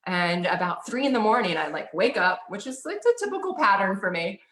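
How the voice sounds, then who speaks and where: A woman's voice: medium pitch, very animated, fairly quick, a bit bright. Woman guest, loose chatty storyteller, filler-heavy, roomy echo around her voice. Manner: rambling, many "like"s, laughs often. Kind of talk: casual spiritual storytelling. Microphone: video call.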